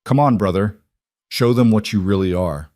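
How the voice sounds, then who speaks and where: A man's voice: on the low side, normal speed, warm tone, no echo, clean studio sound, close to an everyday voice. A man voicing a cruel, sneering young werewolf villain who mocks his brother in an audiobook. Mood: taunting. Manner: taunting, mocking.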